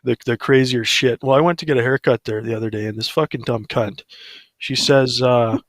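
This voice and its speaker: A man's voice: medium pitch, steady tone, fairly quick, no room sound. Brief: man, crude no-filter ranter, plain mid voice, dry. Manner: profane, blunt ranting. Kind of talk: casual storytelling on a livestream.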